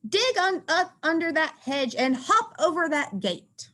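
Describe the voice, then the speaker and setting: A woman reading aloud and voicing a small, squeaky male mouse who is bossy but kind. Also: very animated, sharp tone, exaggerated voice. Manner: squeaky, quick and chirpy.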